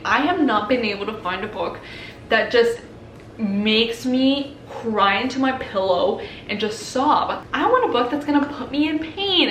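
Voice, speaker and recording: A young woman chatting gushingly about books on her vlog, quick to laugh and sigh. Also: a little high, a bit bright. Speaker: book vlogger. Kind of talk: casual vlog chat. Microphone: compact camera. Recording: echoey room with faint noise.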